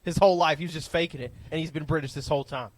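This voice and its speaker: A man's voice: fairly high pitch, rapid-fire, low-quality recording. A man co-hosting a podcast, telling exaggerated jokes in a casual chat. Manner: jokey, exaggerated storytelling. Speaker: podcast co-host.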